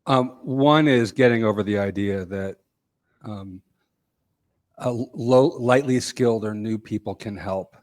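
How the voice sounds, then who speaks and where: Man, middle-aged, low voice, podcast guest, measured, trailing off, dry sound. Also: no room sound. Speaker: guest, company CEO. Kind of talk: casual podcast interview.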